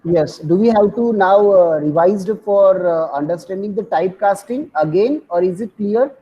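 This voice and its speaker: Husky, hesitant man on dull call audio. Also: high voice. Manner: hesitant, full of "uh" pauses. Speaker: co-instructor. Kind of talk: online class discussion.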